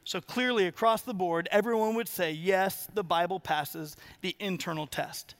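A male pastor delivering a lively sermon. His voice sits very high for a man and the sound is close and dry, with no room around it. He slips into different voices to act out quotes, rising and falling in volume. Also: normal speed, no room sound. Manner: animated, acts out quotes in varied voices.

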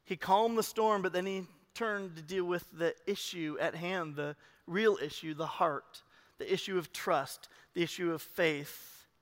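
A male pastor preaching a sermon in a church, animated, swinging between loud urging and hushed emphasis. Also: sits high, unhurried. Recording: long reverb of a large hall.

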